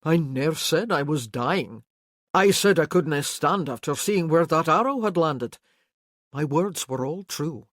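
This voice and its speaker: A woman narrator voices a bold Highland warrior, firm and loud and coaxing. She keeps it in her own lowish register rather than dropping deep. The sound is close and dry. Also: expressive, a little slow, dry recording. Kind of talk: audiobook character voicing.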